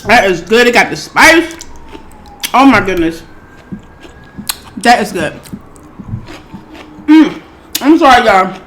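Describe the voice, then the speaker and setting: Excitable woman with a slow, high voice. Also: a little hiss or hum. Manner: bubbly and excitable, addresses viewers as y'all. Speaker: mukbang host. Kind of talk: casual eating-show chat to viewers.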